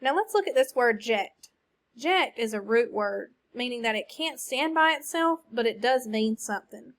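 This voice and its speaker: A woman's voice: on the high side, animated, moderate pace. A woman teacher leading a recorded phonics lesson for children, drilling words in call-and-response.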